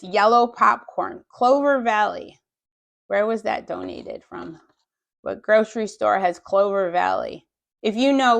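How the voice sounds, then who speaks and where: Gravelly-voiced woman chatting to viewers. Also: a little high. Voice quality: rough, gravelly voice. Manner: chatty and joking, with small asides. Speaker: vlogger unpacking a food bank haul. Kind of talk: casual chat to viewers.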